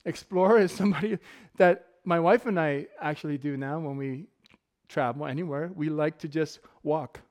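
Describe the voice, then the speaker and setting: Joking man preaching, slightly high voice. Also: a little mellow. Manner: casual, joking, laughs often. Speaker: pastor. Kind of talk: sermon with personal stories.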